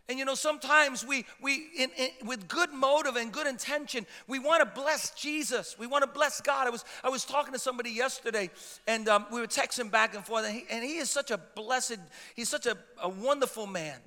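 A man's voice: very high-pitched, quick pace, bright, forceful tone. A man pastor preaching a sermon with impassioned emphasis and frequent stammered restarts. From Italian heritage. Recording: long hall reverb.

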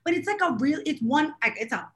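A woman's voice: high-pitched, expressive, fast talker. A woman co-hosting a podcast in casual chat, rambling through an exasperated, self-deprecating story. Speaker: podcast co-host.

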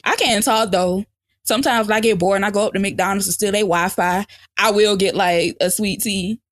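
A young adult woman chats loosely on a podcast, loud and lively. She swears freely and laughs often. The recording is dry and close. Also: medium pitch, normal speed, no room sound. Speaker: podcast co-host. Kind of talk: casual podcast chat.

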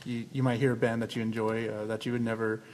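A man hosting a music spotlight show, asking questions in a halting, friendly way with many fillers. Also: fairly low pitch, level tone, background noise. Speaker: radio show host. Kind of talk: casual interview.

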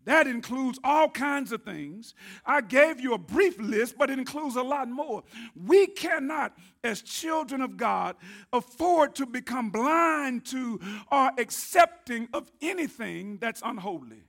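A man preaching a sermon, his voice not working well, building to shouted emphasis. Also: very high-pitched, lively intonation, measured pace, vocal fry.

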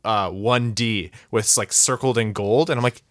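A man co-hosting a podcast, ranting with comic exaggeration at a middling pitch. His voice sits close on a dry mic with no room sound. He jumps between deadpan asides and heated outbursts. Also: a little slow, few pauses, no echo. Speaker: podcast co-host. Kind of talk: casual sports podcast chat.

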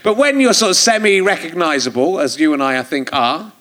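Comedy host, high bright voice, teasing dry wit. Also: male voice, expressive, brisk. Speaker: podcast host. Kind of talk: live comedy podcast chat. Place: theatre stage before an audience.

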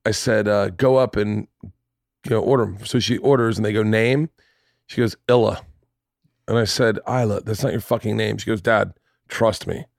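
Swearing, animated male podcast host. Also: lowish voice, brisk, no echo, studio quality. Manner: animated storyteller, swears freely, acts out voices. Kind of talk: casual storytelling chat.

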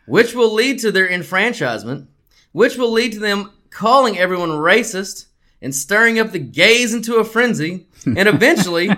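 A man's voice: sits high, lively intonation, moderate pace, bright, forceful tone. A man playing a crude, arrogant old German king who talks in a profane, mock-solemn way.

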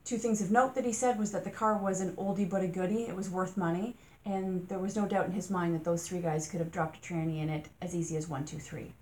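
A woman's voice: fairly low pitch, steady tone, fast talker, hardly any pauses, darkish tone. A woman hosting a true-crime podcast, talking casually through her thoughts, asking rhetorical questions and sometimes getting exasperated.

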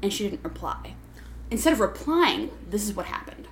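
A woman telling a story on a casual podcast chat, profane and ranting, full of swearing and quick asides. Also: medium pitch, big pitch swings, slight background noise. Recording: echoey room.

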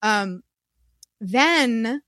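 A woman co-hosting a podcast, telling a story in animated casual chat, cursing freely and acting out what people said. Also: a little high, extremely slow, no room sound, clean studio sound. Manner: animated storyteller who swears and acts out quotes. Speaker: podcast co-host.

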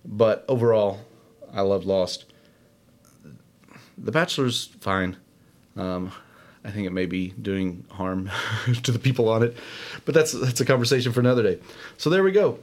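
A man's voice: on the low side, normal speed. A man hosting a casual solo show, rambling and self-deprecating with many fillers. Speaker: podcast host. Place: home studio, alone.

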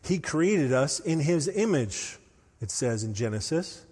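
A man preaching a sermon as pastor, telling stories with animated, rising intensity. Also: on the high side, a little slow, slightly rough. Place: church hall. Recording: long hall reverb.

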